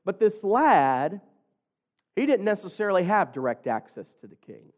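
A man's voice: high-pitched, sing-song, normal speed. A man preaching an earnest evening sermon to his church, with raised, pleading stretches. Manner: earnest, building to raised pleas.

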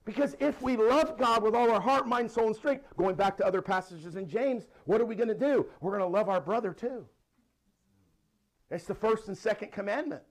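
Male pastor, middle-aged, high voice, lively preaching, bible reading. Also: fairly quick. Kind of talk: sermon.

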